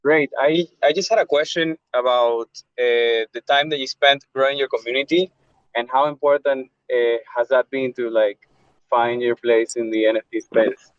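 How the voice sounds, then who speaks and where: A man's voice: mid-range voice, fairly even intonation, moderate pace, clear, resonant tone, no room sound. Man asking a question on a dry, muffled line. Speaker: audience member asking a question. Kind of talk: live audio interview.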